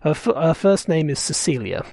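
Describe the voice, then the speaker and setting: A man's voice: on the high side, sing-song, moderate pace, gravelly, a little mellow, dry recording. A man running a tabletop game, narrating in a rambling, wry way that corrects itself as it goes. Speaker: game master.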